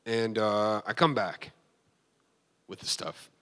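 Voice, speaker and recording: A man's voice: lowish voice, slow pace, a bit bright. A man giving a sermon as a pastor, telling an emotional personal testimony with frequent restarts and fillers.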